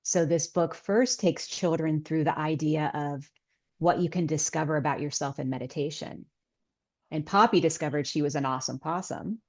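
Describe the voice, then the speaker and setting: Casting: middle-aged woman guest, low voice, earnest storytelling tone. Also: moderate pace. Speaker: guest author and healer. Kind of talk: casual interview chat.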